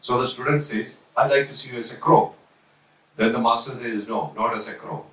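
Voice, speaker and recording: Man giving a slow spiritual talk, kinda far off the mic, echoey room. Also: medium pitch, a bit bright. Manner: slow, reflective, with pauses and restarts. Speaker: spiritual teacher. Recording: roomy, voice from a distance.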